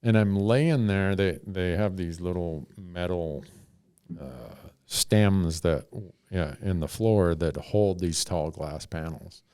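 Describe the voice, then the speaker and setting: A man's voice: low-pitched, slow, darkish tone, clear, resonant tone, no room sound, studio quality. A middle-aged man, a podcast host, telling a story in a laid-back, wry way. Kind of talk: casual storytelling.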